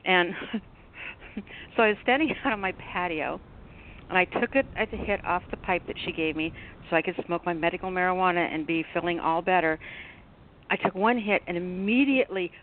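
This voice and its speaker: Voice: mid-range voice, a little fast. A caller on a radio call-in show telling a story and laughing while talking. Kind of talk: casual call-in chat. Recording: tinny phone line with faint noise.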